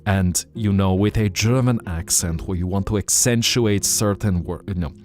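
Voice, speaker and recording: A man's voice: sits low, normal speed, hardly any pauses, a little mellow, faint music behind. A man hosting a live stream, chatting casually in a rambling, explaining way.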